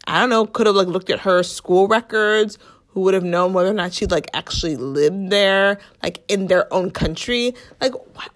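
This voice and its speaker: A woman's voice: mid-range voice, moderate pace. A young woman hosting a casual commentary podcast, chatty and sarcastic, full of "like" and mock quotes of others. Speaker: podcast host.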